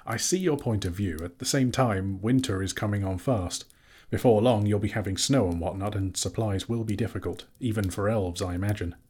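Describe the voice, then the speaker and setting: A man voicing a polite, fussy male hobbit who talks in a brisk, businesslike, genteel way, a little husky. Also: lowish voice, darkish tone.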